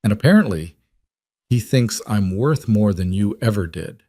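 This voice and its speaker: A man voicing a calm, self-sacrificing young woman in a spoken story. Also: fairly low pitch, normal speed, no room sound, studio quality. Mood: resolute. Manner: calm, steady. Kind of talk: audiobook storytelling.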